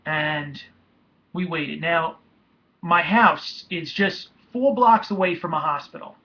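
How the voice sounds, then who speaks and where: A young man telling a painful personal story in a halting, emotional way, with many restarts. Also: fairly high pitch, pushed and bright. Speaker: vlogger. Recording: dull lo-fi home recording.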